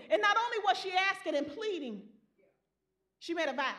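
A woman preacher delivering an impassioned sermon, swinging from soft, low passages to loud, rising calls. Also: lively intonation, normal speed, long pauses.

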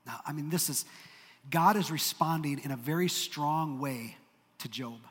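A man's voice: fairly high pitch, unhurried. A man preaching a sermon as pastor, emphatic and earnest, with dry humorous asides. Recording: long reverb of a large hall.

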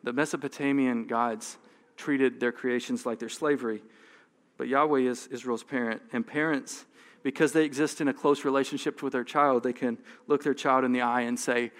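A man's voice: medium pitch, fairly even intonation, moderate pace, a bit bright. A man preaching a sermon in a conversational way, often restarting words and laughing lightly. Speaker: pastor. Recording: long hall reverb.

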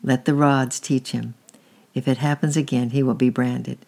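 A storyteller voicing a gentle Roman wife who speaks softly and timidly to her husband. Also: medium pitch, little pitch movement, normal speed, vocal fry. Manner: soft, timid.

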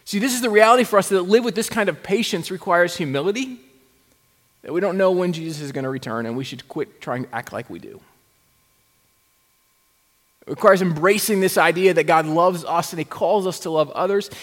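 A man's voice: high-pitched, a little fast, fairly bright tone. Preaching man in a reverberant hall. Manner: conversational preaching with rhetorical questions and wry asides. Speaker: pastor. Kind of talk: sermon.

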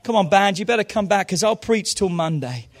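A man preaching a sermon in a church service, moving fervently from quiet low asides to loud shouted calls. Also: expressive, a little fast. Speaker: pastor.

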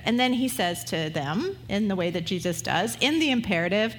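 A woman's voice: mid-range voice, expressive, moderate pace, few pauses, big-room sound, slight background noise. A woman pastor preaching a sermon in a conversational, humorous way, acting out the voices she quotes.

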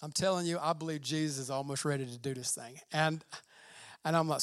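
A man preaching a fervent sermon as pastor, often saying "man" and swelling loud when he reads scripture. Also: a little high, fairly even intonation, fast, no room sound, clean studio sound.

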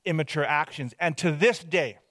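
A man's voice: on the high side, normal speed, fairly bright tone, dry recording. A man from British Columbia giving a personal testimony as a rambling, self-deprecating storyteller. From Hope, British Columbia, Canada.

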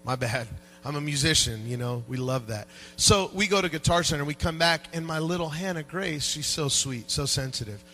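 A man preaching a sermon as pastor in a church, animated and joking with the congregation, dropping to quiet asides and rising to loud peaks. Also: a little high, moderate pace, few pauses, soft background music, rough recording. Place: church sanctuary.

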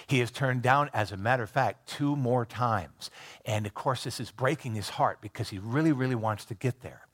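A man's voice: medium pitch, moderate pace, a bit bright. A man giving a sermon, retelling a film scene by scene in a conversational way, with frequent restarts and filler words. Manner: retells a film scene by scene, briefly voicing its characters. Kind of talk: sermon storytelling.

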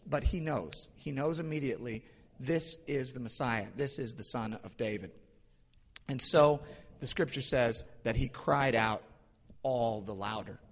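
A man preaching a sermon as a pastor, animated, rising for emphasis and slowing on key lines. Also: medium pitch. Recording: long hall reverb.

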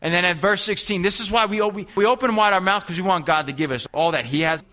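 A man's voice: sits high, quick pace, bright, forceful tone. A man preaching a sermon as a youth preacher, emphatic and repeating phrases, calling on the congregation to answer back. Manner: call-and-response, urging the congregation.

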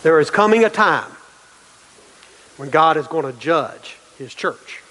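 A man's voice: on the high side, lively intonation, unhurried. Emphatic preacher man in a reverberant hall. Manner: emphatic preaching, repeats phrases, swings between loud and quiet. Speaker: pastor. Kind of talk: sermon.

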